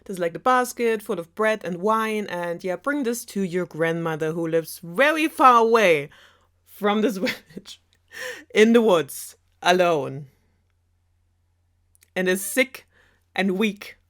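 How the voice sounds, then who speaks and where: A woman's voice: mid-range voice, lively intonation, slow, long pauses, fairly bright tone. A woman with a German accent voicing a fussy, caring mother in a storybook retelling, in a nagging sing-song. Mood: instructing.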